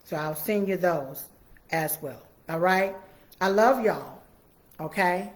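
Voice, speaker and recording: A woman's voice: lowish voice, takes it slowly. A woman hosting a casual live stream from her home computer, chatting folksily with viewers. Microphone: computer mic.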